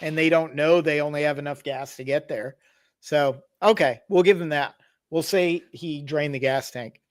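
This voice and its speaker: A man's voice: on the high side, normal speed. A man hosting a podcast, casually telling a tabletop horror story with wry asides and explanations. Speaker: podcast host.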